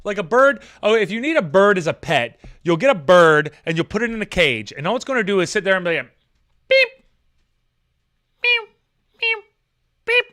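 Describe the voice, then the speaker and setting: A man's voice: high voice, animated, fast talker, few pauses, fairly bright tone. A young man streaming live, reading out chat comments and ranting with plenty of swearing.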